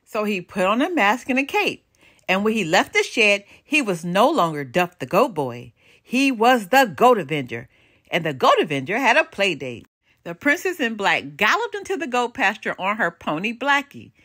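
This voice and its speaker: An older woman reading a children's storybook aloud with expressive, animated storytelling and dramatic pauses. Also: medium pitch.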